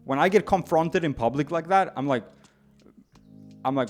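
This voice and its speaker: A man's voice: mid-range voice, a little fast, soft background music. Rambling slightly drunk male streamer. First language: not English. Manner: rambling, animated, frequent restarts and stammers. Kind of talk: casual storytelling to stream chat.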